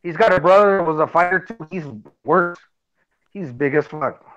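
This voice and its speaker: A man with a heavy Mexican Spanish accent, talking halting and full of restarts in a casual podcast chat. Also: high-pitched, a bit bright, muffled recording. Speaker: podcast co-host.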